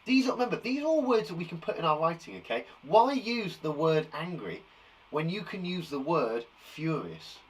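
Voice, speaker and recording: A man with an English accent teaching a live online lesson to young children, lively and animated, acting out example sentences. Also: fairly high pitch, normal speed, distant mic, rough recording. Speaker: primary school teacher.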